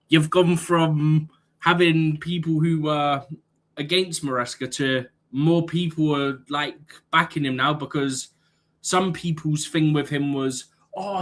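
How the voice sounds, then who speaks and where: A man's voice: a little high, a bit bright. A young man co-hosting a football live stream in casual chat, arguing his points emphatically with rhetorical questions.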